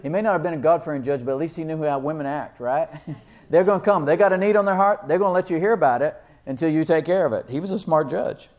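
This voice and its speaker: A man preaching a sermon, reading scripture slowly and asking his listeners questions, with loud emphatic peaks and frequent laughs. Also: a little high. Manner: reads King James verses slowly and deliberately; asks the congregation questions and laughs often.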